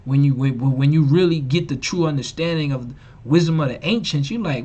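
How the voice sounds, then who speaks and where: Emphatic, scornful male livestream preacher with a slangy delivery and a slightly raised pitch. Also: a little fast, mellow. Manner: emphatic and repetitive, mocking, slangy. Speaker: online preacher and teacher. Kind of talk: live-streamed preaching.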